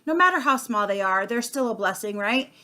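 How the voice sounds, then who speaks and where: A woman in her thirties speaks in an unscripted, casual monologue. Her voice sits slightly high for a woman. She is earnest and chatty, full of "um" and "like", often restarting her sentences. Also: lively intonation, brisk, bright, forceful tone. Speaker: sales consultant vlogger.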